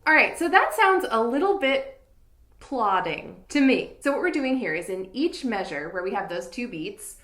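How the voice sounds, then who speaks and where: A woman's voice: fairly high pitch, sing-song, moderate pace, fairly bright tone, soft background music. Woman fiddle teacher in an echoey room. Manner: clear, patient explaining, counting beats aloud. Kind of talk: instructional tutorial.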